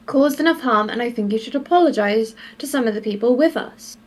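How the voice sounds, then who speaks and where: A woman playing a tabletop game, speaking calmly and matter-of-fact. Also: fairly high pitch, brisk, slight background noise. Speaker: player. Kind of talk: casual tabletop play.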